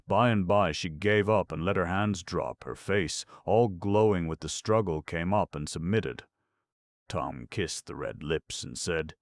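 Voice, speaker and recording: A man reading a classic novel aloud as an audiobook narrator, in a measured storytelling manner. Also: rumbling low, animated, creaky, dry recording. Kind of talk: scripted narration.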